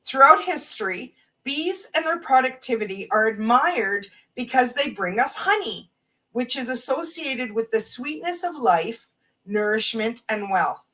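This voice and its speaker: A woman hosting a live spiritual stream, gently reading oracle card messages aloud and reflecting on them. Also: a little high, lively intonation, measured pace. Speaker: host reading oracle cards. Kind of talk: slow spiritual live talk. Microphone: phone or webcam on a live stream. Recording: distant from the mic.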